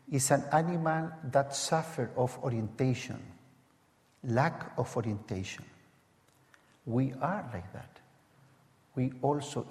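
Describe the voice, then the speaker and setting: A man from Chile preaching a sermon in English with a strong Latin American accent, halting and full of fillers. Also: medium pitch, darkish tone. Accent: Latin American Spanish. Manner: slow, halting, with many fillers. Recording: church hall with long reverb.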